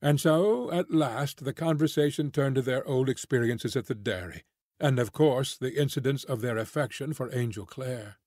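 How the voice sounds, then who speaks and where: A man reading a classic novel aloud as an audiobook narrator, measured and clear. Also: medium pitch, a little mellow, no room sound, studio quality.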